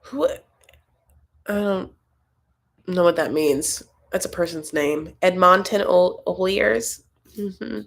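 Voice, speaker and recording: Young woman rambling on her live stream, lowish voice w lots of vocal fry, reads chat comments out loud. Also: steady tone, takes it slowly, pauses often. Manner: chatty, rambling, reads viewer comments aloud. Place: home, Los Angeles.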